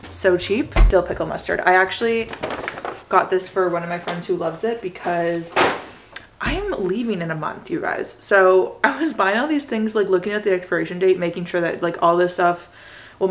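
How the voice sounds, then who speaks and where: A young Canadian woman in her twenties, chatting excitedly to her viewers as she shows off her shopping haul. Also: lowish voice, noisy background. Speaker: vlogger. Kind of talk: casual haul vlog.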